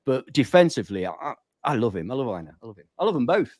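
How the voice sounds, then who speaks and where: Earnest, repetitive podcast co-host. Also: male voice, medium pitch, big pitch swings, rapid-fire, darkish tone, no room sound, studio quality. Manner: earnest, repeats himself, worried. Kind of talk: casual live-stream chat.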